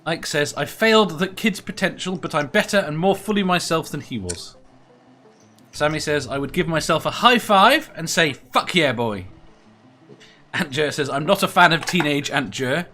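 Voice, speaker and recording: A man's voice: a little high, expressive, normal speed, bright, forceful tone, slight background noise. A man hosting a casual group call, reading out viewer comments and teasing his guests. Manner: teasing, reads comments aloud. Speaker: quiz show host.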